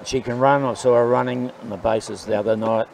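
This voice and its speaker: A man giving colour commentary at a local softball game, relaxed and hesitant with many fillers. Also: mid-range voice, fairly quick, background noise. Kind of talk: live sports commentary.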